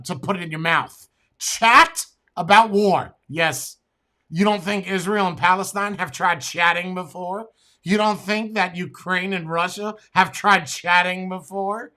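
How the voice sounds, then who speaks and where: An American man streaming, reacting to a clip with profane, mocking rants that flare into shouting. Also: high voice. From United States. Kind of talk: heated reaction commentary.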